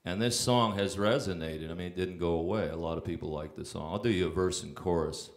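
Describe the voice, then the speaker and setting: A man's voice: low-pitched, fairly quick. A man, a songwriter, telling casual rambling stories on stage with frequent fillers and restarts. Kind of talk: casual anecdotal storytelling.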